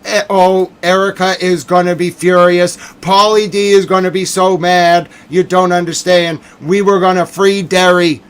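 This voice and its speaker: Male streamer, high voice, hammy mock-outrage rant, loud then muttered. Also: flat delivery, unhurried, few pauses, clear, resonant tone. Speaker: livestream commentator.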